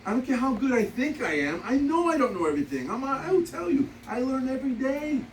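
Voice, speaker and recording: A man in his fifties with a very high voice speaks quickly as he leads a motivational sales session. Blunt and repetitive, he laughs through his anecdotes, and the audio is roomy, distant, and noisy.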